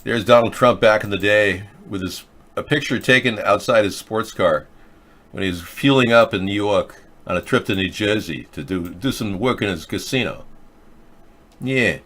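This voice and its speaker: In a low, slightly bright voice, a middle-aged man hosts his show at normal speed. His monologue wanders loosely from subject to subject and grows sarcastic along the way.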